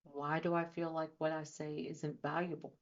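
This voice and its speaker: A woman's voice: low voice, level tone, moderate pace. Earnest woman coaching on radio. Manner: earnest, repetitive rhetorical questions. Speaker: trauma and life coach, show host. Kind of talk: radio talk show monologue. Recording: dull lo-fi audio.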